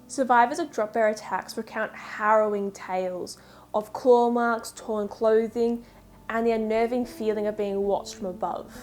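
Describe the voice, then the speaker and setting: A woman's voice: a little high, steady tone, unhurried, a little mellow. A woman with a Melbourne Australian accent giving mock-serious documentary narration, playful and full of asides. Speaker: video creator.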